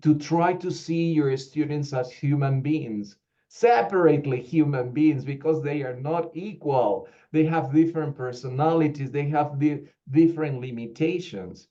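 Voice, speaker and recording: A man, a teacher trainer from Peru, giving an animated online training talk full of rhetorical questions. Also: on the high side, a little slow. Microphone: video call. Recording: slightly dull lo-fi online call audio.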